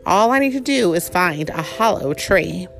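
A woman voicing a kindly, patient old grandfather bear in a storybook, speaking slowly and gently. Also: on the low side, animated, vocal fry, faint music behind. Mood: gentle.

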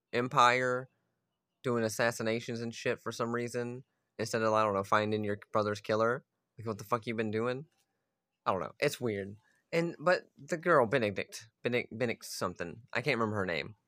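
Man, casual rant, profane, exasperated, bright voice. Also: mid-range voice, no room sound, clean studio sound. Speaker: gaming video host.

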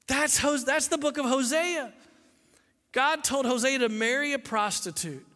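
A man's voice: extremely high pitch, measured pace, pushed and bright. A man preaching a sermon, telling a story dramatically and acting out the people in it. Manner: dramatic storytelling, acts out voices. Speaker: pastor. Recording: long hall reverb.

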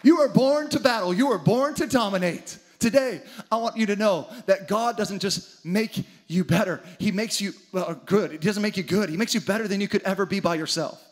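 A man's voice: high voice, normal speed, hardly any pauses. A man preaching a sermon with dramatic energy, acting out the story's characters in his own voice. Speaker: pastor.

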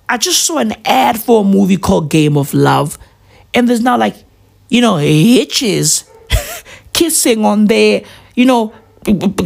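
A woman's voice: on the high side, gravelly. A tired woman doing a profane, rambling comedic rant that keeps drifting off on tangents.

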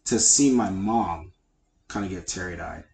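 A man's voice: deep voice, unhurried, gravelly, a little mellow, slight background noise. A man co-hosting a podcast in casual chat, speaking in a heartfelt, rambling way with lots of fillers. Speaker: podcast co-host. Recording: echoey room.

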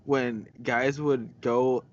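A man's voice: medium pitch, flat delivery, drawn-out words. Young male podcast co-host, chatty and giggly, slightly dull lo-fi sound. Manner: laughs often, chatty with many fillers. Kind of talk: casual chat.

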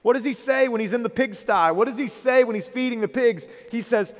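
A man's voice: very high-pitched, moderate pace, hardly any pauses, a bit bright. A man in his thirties preaching a sermon as a pastor, earnest and rising in emphasis when he retells the story. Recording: reverberant hall.

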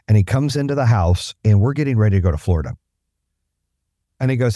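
A man's voice: sits low, expressive, mellow, no echo, studio quality. A man speaking as a podcast guest, telling blunt, profane stories in casual talk. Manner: blunt, profane, fast-talking. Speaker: guest, business owner. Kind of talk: casual storytelling.

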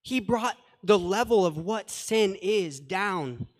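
A pastor preaches earnestly and conversationally, reading scripture and adding plain paraphrases and asides. His high, expressive voice takes its time, and a long hall reverb trails each phrase.

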